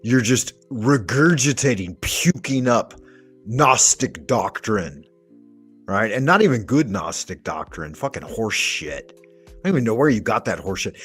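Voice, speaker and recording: A man's voice: fairly low pitch, breathy edge. A man hosting a commentary video, ranting emphatically and sarcastically with plenty of swearing. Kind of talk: profane reaction commentary.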